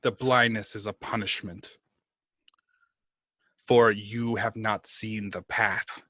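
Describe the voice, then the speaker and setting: A man playing a slow, menacing dark lord. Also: fairly low pitch, fairly even intonation, no room sound. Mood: solemn, commanding. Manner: slow, solemn, commanding. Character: menacing dark god-lord whispering to a cultist.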